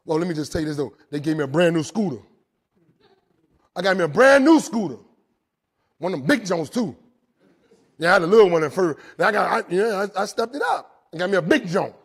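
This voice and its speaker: A man telling his recovery story to a live audience in a jail, animated, swinging between loud and quiet and often checking in with "right?". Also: high-pitched, brisk, long pauses. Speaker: recovery speaker. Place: jail, indoors.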